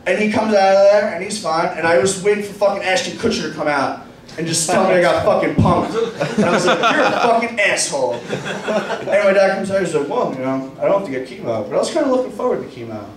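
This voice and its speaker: A man's voice: high voice, lively intonation, fast talker. A man doing a stand-up comedy set in a club bar, telling crude stories and acting out what people said. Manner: profane storytelling, acting out quoted lines. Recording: echoey room, distant mic, club noise.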